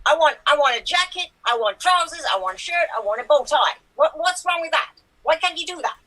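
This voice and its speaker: A blustering, demanding short male film star, as a woman puts him on in improv. The voice is high and bright, with a sound, and the lines pile up in repetitions. Heard over a video call. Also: animated, a little fast, low-quality recording. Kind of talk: improv comedy impression.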